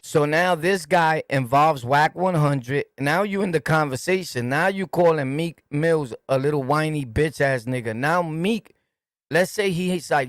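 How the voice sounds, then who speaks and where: A man's voice: a little high, a little slow, no room sound, studio quality. A man with a New York accent hosting a casual commentary stream, talking in a streetwise, repetitive, emphatic way. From New York City. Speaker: host. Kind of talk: casual commentary to a livestream chat.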